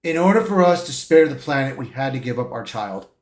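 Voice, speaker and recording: A man's voice: medium pitch, big pitch swings, a little fast, roomy sound, pitched below the performer's own voice, lightly acted. A man doing a subdued grave scientist. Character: troubled scientist, male, grave and apologetic.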